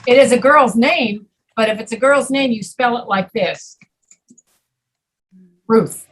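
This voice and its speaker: A woman's voice: a little high, slightly rough, poor audio. Patient East Coast woman teaching pronunciation. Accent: East Coast American. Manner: patient, explains slowly with examples. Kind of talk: online class instruction. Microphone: video call.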